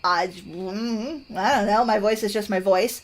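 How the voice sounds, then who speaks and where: A woman's voice: medium pitch, measured pace. Woman, Canadian accent, game streamer, loose thoughtful rambling chat. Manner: rambling, thoughtful, many fillers and restarts. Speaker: gaming streamer. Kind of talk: casual chat while playing a game.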